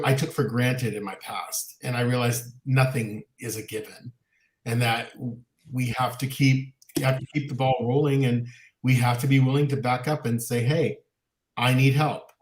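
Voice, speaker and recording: A man's voice: medium pitch, reverberant. A man co-hosting a talk show, speaking candidly and animatedly, sometimes mocking others in quoted voices. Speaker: podcast co-host. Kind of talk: casual chat.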